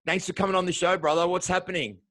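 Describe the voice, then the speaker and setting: A man's voice: sits high, steady tone, fast talker, a bit bright, no room sound. An Australian man hosting a podcast interview show, with upbeat, welcoming showman patter. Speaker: show host.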